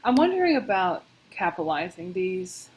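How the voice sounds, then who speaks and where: A woman working as a book editor, reading passages aloud and thinking out loud in a casual, chatty way as she comments on them. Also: lowish voice, very animated, moderate pace, rough recording.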